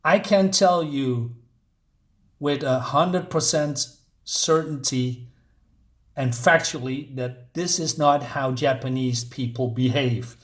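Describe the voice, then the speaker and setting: A man's voice: medium pitch, takes it slowly, a bit bright. A man reviewing a comic book in a rambling rant, exasperated and sarcastic, with many fillers and restarts. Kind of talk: ranting review.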